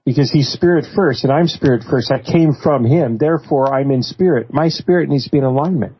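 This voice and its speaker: A man's voice: mid-range voice, brisk, slightly rough, muffled recording. A man hosting a casual faith discussion, earnest and reflective, steering the conversation with questions.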